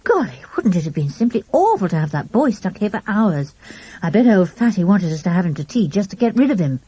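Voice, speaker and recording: A woman's voice: mid-range voice, very animated, fairly quick, warm tone, slightly rough. A woman voicing an outspoken, impatient schoolboy who talks emphatically. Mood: exasperated. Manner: emphatic, exasperated.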